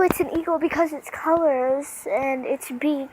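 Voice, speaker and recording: Woman vlogger, high voice, outdoors, chatty, on a phone camera, faint background noise. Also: unhurried, hardly any pauses. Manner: chatty, talks straight to viewers. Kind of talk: casual vlog narration to viewers. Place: outdoors under a stormy sky.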